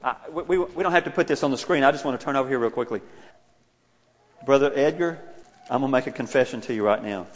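A middle-aged man preaching a sermon in a conversational, self-deprecating way, rising to loud exclaiming. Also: mid-range voice, fast. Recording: muffled, with a long hall reverb.

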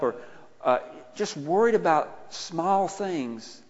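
Middle-aged male preacher, fairly high voice, chatty and self-mocking, then loud; long echo in a church hall. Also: unhurried. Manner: conversational, self-deprecating, rising to loud exclaiming. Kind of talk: sermon. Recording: muffled, with a long hall reverb.

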